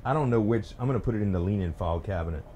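A man's voice: on the low side, animated, very fast, warm tone, slight background noise. A man playing a VR game, chatting casually to viewers and the objects he handles, with nervous laughs. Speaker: gaming YouTuber. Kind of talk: casual let's play commentary.

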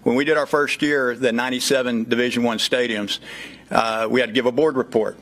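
A man's voice: medium pitch, steady tone, brisk, fairly bright tone. A man in his fifties with a Southern Texas accent, giving a folksy speech at a press conference with frequent "uh" fillers. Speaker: child safety program speaker.

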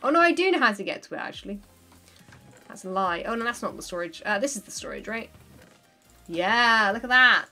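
A woman's voice: medium pitch, sharp tone. A woman chatting casually on a livestream while she plays, laughing often and thinking aloud.

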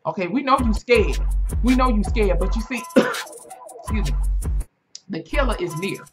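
A woman in her twenties hosting a reaction video, telling stories in a casual, animated and profane way. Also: a little slow, over music. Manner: animated, profane storytelling with big pitch swings.

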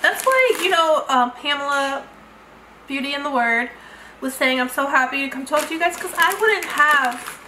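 A high-pitched woman talks straight to her viewers in a gushing, effusive way, full of exclamations. Her voice rings in an echoey room, with clear background noise under it. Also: normal speed. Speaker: beauty vlogger. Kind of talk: unboxing vlog chat.

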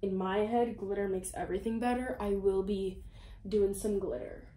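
A woman's voice: mid-range voice, steady tone, moderate pace, dark tone. A young woman chatting casually in a home vlog, rambling and poking fun at herself. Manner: chatty, self-mocking, rambling. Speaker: YouTuber.

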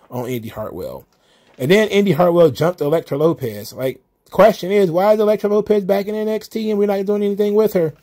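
A man's voice: on the high side, dark tone. A man hosting a solo recap show, ranting in an exasperated, profane, casual way. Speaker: wrestling commentary host.

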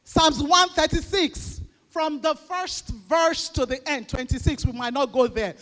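A woman's voice: high voice, a little slow. Woman preaching in a reverberant church. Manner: call-and-response preaching, often rising to shouts. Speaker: pastor. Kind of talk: sermon. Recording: long reverb of a large church hall.

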